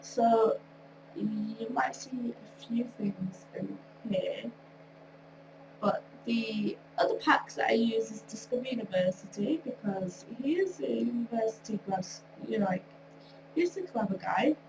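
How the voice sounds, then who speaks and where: A woman's voice: fairly high pitch, unhurried. Nasal young-sounding woman, off-mic with hum. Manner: rambling, chatty, laughs often. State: recovering from a cold, tired. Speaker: video creator. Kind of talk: casual commentary over gameplay. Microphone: wrong mic, far from speaker. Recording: distant mic with clear hum.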